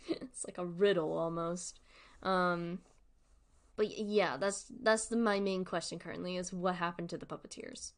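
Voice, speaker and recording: A woman streaming casual commentary, giggly and rambling, often correcting herself. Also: lowish voice. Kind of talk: casual commentary on a web series.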